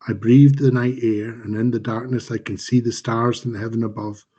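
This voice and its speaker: Speaking at medium pitch with a level tone and a breathy edge, a man reads his dark fantasy writing in a slow, dramatic, measured way. He's the author, live streaming over a home mic, and the recording sounds muffled.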